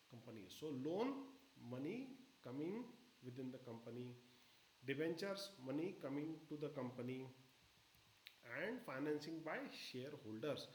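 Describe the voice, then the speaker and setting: A man leads a live stock-market webinar in a slightly high voice. He explains step by step and keeps checking that everyone is following. The recording has room echo and a faint hum of background noise.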